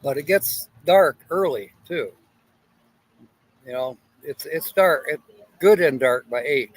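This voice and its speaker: A man's voice: fairly high pitch, animated, takes it slowly, low-quality recording. A man hosting a casual livestream, rambling and greeting viewers by name, at times talking while eating. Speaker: livestream host. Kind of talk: casual live chat.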